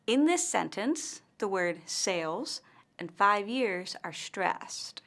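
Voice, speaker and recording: A woman's voice: medium pitch, sing-song, fairly bright tone. Careful woman teacher narrating a lesson. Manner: slow, careful and instructional. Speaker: English pronunciation teacher.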